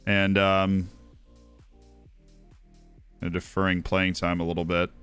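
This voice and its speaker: A man's voice: deep voice, completely flat delivery, slow, a bit bright, clear, resonant tone, soft background music. An American man hosting a stream, chatting casually as he plays a football manager game. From United States. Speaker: streamer host.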